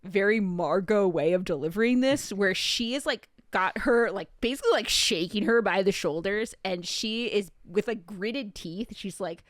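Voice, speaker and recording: A woman's voice: mid-range voice, normal speed, few pauses, no room sound, studio quality. Chatty woman recapping with many "like"s. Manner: chatty, describes scenes at length with many "like"s. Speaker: podcast co-host recapping a show. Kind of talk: casual chat.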